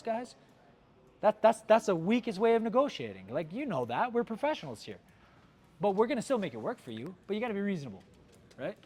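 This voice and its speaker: Sales manager guy pumping up his team, kinda high voice, lots of "right?" and "like". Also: fast talker. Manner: energetic, coaching, lots of "right?" and "like". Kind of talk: team sales training talk. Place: car dealership.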